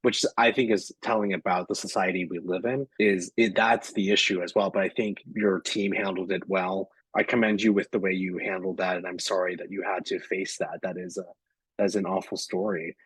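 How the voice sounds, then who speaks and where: A man's voice: sits low, little pitch movement, brisk, slightly rough, dry recording, low-quality recording. A man hosting an interview, responding to his guest in a sympathetic, reassuring way. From Los Angeles. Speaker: interview host, project manager. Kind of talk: supportive interview chat.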